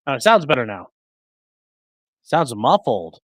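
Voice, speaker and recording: A man's voice: fairly high pitch, big pitch swings, moderate pace, dry recording, rough recording. A man hosting a live stream, casually chatting and answering viewers' comments. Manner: chatty, rambling, fixing mic settings mid-stream. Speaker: livestream host reading chat. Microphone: streaming desk mic.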